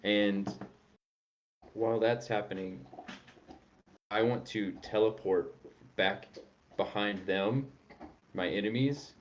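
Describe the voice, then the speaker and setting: Low-ish guy joking around on a podcast, kinda rambly, dull lo-fi mic. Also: slow pace, long pauses, a little hiss or hum. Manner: playful, rambling, jokey. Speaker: podcast host. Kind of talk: casual chat about tabletop gaming.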